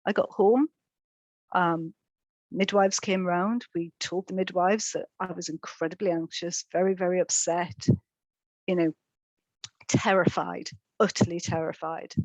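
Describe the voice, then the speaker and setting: A middle-aged woman giving a personal testimony in a webinar, speaking in a halting way with frequent ums and repeated words. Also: on the low side, fairly even intonation, a little mellow, no echo, poor audio. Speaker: speaker sharing lived experience in a webinar.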